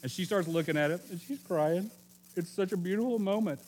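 A middle-aged man from Oklahoma preaching a sermon in a relaxed, conversational storytelling way, joking and correcting himself as he goes. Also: high-pitched, fairly quick. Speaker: pastor.

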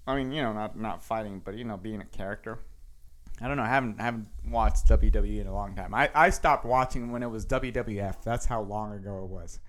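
A man's voice: on the low side, a little fast, a bit bright. Guy doing a chill solo podcast, reads headlines and rambles, keeps restarting his sentences. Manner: rambling, self-correcting, chuckles between thoughts; reads headlines aloud and riffs on them. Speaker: podcast host. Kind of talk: casual solo podcast chat.

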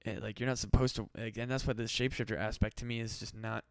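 Guy ranting on his podcast, swears a bunch, smooth clear voice, super dry sound. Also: lowish voice, flat delivery, fast talker, no echo. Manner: rambling, swears a lot, mock-desperate pleading. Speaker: podcast host. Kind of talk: casual solo podcast rant.

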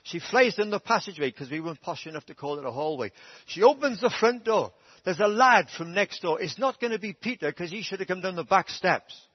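Middle-aged preacher telling funny stories; husky, fairly high voice. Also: male voice, expressive, brisk. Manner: humorous, self-deprecating anecdotes. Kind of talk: storytelling sermon. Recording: dull dry church sermon recording.

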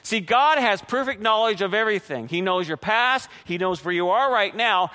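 High, bright-voiced preacher in a reverberant hall. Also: male voice. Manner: animated, engages the congregation with frequent "right?". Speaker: pastor. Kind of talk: sermon.

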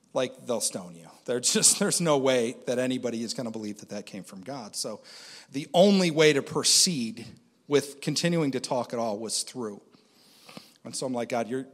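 A man's voice: mid-range voice, a bit bright, in a large hall. A man who interprets dreams, telling a story in conversation, acting out the voices he quotes and laughing often.

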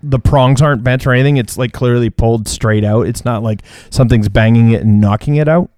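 A man in casual comedic chat, rambling through an anecdote and dropping deadpan quips. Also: medium pitch, brisk, dry recording, studio quality. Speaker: co-host.

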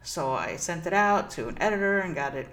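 Low-pitched female host, earnest and reflective, for a spiritual self-help monologue. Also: expressive, a little fast, fairly bright tone. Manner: earnest, reflective, laughs between phrases. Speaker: spiritual coach and podcast host. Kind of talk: personal storytelling monologue.

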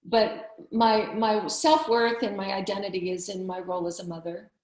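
Fifties woman doctor, emphatic and warm-hearted advice, roomy echoey sound. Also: mid-range voice, steady tone, moderate pace. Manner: earnest, encouraging, emphatic. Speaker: physician, summit speaker. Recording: roomy echo.

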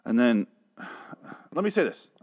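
A man's voice: medium pitch, very animated, slow, a little mellow. An irritated man rants through a recap of a TV episode. He swears freely, talks in loose, casual bursts and backtracks to restart his sentences.

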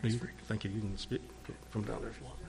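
Man, church leader, slow solemn prayer, lowish voice, faint hum behind. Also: steady tone, gravelly, big-room sound. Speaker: church leader giving an introduction. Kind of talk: prayer and introduction.

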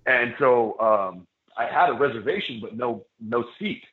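With an animated, medium-pitched voice and a slightly slow pace, a wrestler guest on a laid-back podcast winds through a lengthy story, stopping and restarting with plenty of fillers. The audio has an echoey, phone-like lo-fi quality.

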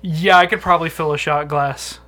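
A man's voice: on the high side, steady tone, normal speed, sharp tone. A man co-hosting a podcast in crude casual chat, hedging sheepishly and laughing along. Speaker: podcast co-host.

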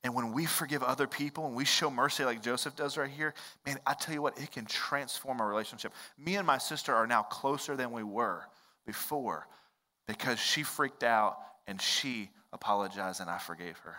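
A man preaches in a church sanctuary, his bright, forceful voice carrying a long hall reverb. He talks earnestly and conversationally and leans on personal stories. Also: medium pitch, normal speed. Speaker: pastor. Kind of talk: sermon.

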